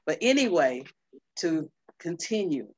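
A woman presenting a historical tribute on a video call, excited and fumbling with screen sharing. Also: sits low, unhurried, no echo. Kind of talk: casual presentation. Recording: dry, muffled call audio.

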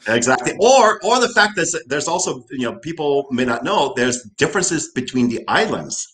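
A man's voice: fairly high pitch, sing-song, normal speed, a bit bright. An older man from Hawaii with a Hawaiian Pidgin accent, a guest telling stories in a casual interview, often repeating "right".

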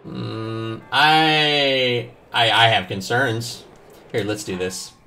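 While streaming a video game, a man tells animated, joking, profane stories in casual gameplay commentary. His medium-pitched voice is creaky and very slow. Faint game music sits underneath.

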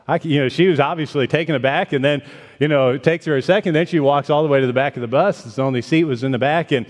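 Serving as guest preacher in a church sanctuary, a man from the northern United States delivers a folksy sermon that includes a joke. His fairly high voice moves at a quick pace, full of fillers and restarts, under a long church reverb.

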